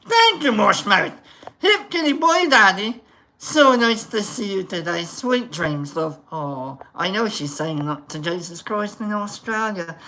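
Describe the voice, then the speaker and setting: A livestream host giving casual, rambling shout-outs to viewers, joking around. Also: medium pitch, expressive, a little slow, a little hiss or hum. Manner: jokey, rambling, tries silly voices.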